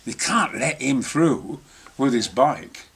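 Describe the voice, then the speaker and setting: A man's voice: medium pitch, animated, takes it slowly, gravelly, fairly bright tone. A man telling boisterous, sweary anecdotes in casual behind-the-scenes chat. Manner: boisterous, sweary, theatrical storytelling.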